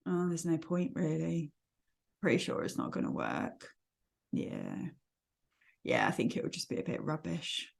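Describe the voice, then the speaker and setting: A woman voicing a gloomy old male donkey, speaking low, slow and flat with a mumbling, dejected drawl. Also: creaky, heavily acted.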